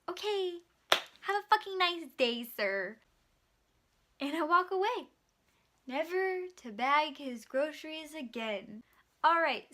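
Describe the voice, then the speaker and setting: Young woman vlogger, high and bright, chatty, animated, casual swearing. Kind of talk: casual storytelling.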